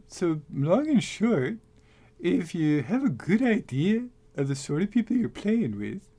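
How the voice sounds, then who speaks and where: A man hosting a casual talk, rambling and animated with many restarts. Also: a little high. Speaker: host. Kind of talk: casual talk on making tabletop game characters.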